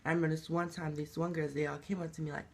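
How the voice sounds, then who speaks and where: A man's voice: fairly high pitch, little pitch movement, racing, gravelly, slight background noise. A young man telling his story in an emotional, rambling confessional vlog. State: crying. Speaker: vlogger.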